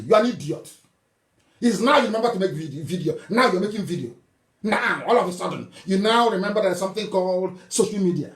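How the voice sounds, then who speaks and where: High-pitched man, fiery scolding. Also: expressive, normal speed. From southeastern Nigeria. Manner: scolding and mocking, with scornful laughs and sudden outbursts. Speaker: political broadcaster. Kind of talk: fiery political broadcast. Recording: roomy echo.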